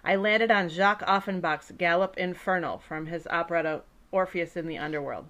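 A woman entertainer speaking gently and warmly to children, telling a friendly story and explaining words simply. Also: lowish voice, fairly quick, hardly any pauses.

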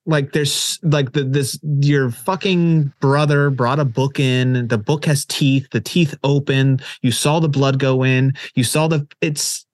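A man in a casual podcast chat, ranting heatedly and swearing freely. His voice sits at an ordinary middle pitch. It is close-miked and dry, with no room sound. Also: fairly even intonation, measured pace, few pauses, dry recording. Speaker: podcast co-host.

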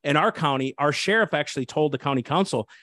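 A man's voice: on the high side, quick pace, bright, forceful tone, no echo, studio quality. A man who is an assistant pastor, speaking fervently and preachily in an interview, often restarting his sentences. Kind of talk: impassioned interview talk.

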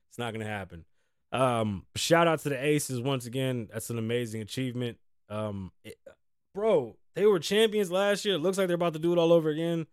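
A man's voice: mid-range voice, normal speed, clear, resonant tone, dry recording, some chatter behind. Man, podcast host, casual storytelling, profane, laughs often, dry mic. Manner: loose, profane, laughing as he talks.

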